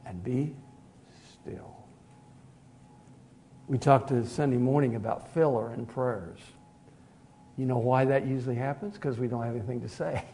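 A man preaching a conversational sermon, moving from hushed asides to loud emphatic lines and chuckling at himself. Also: medium pitch, fairly even intonation, unhurried, long pauses, a little hiss or hum.

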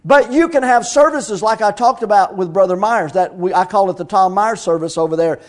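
Man, middle-aged pastor, high-pitched voice, folksy storytelling sermon. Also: fairly quick. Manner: storytelling preacher, animated, folksy, with shouts of praise.

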